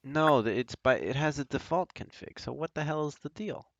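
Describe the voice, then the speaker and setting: A man's voice: a little high, normal speed, gravelly, no echo. A man with a New York accent, chatting casually on a voice call while coding, joking and laughing easily. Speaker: game developer streaming his work. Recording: dull lo-fi mic.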